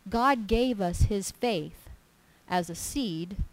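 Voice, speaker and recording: At a medium pitch and an unhurried pace, a woman gives a testimony sermon at church, animatedly acting out dialogue and stressing key moments in her stories. The recording sounds rough.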